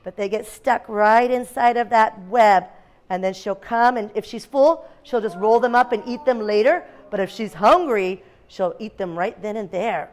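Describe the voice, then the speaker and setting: In a classroom, a woman who teaches kindergarten reads a picture book to little kids at a moderate pace, her voice on the high side. She quizzes them with questions and imitates animal noises.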